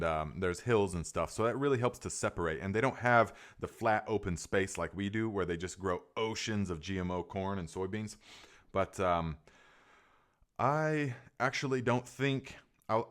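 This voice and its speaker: A man's voice: deep voice, fairly bright tone. Chatty man hosting a gardening live stream. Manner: rambling, enthusiastic, many fillers and restarts. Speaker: gardening podcast host. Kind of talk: casual live Q&A chat.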